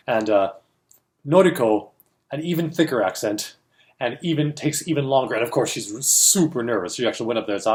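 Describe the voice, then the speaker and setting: This film-industry-show co-host speaks a bit fast in a mid-range, somewhat dark voice. His storytelling is relaxed and animated, full of laughter and impressions of whoever he's quoting.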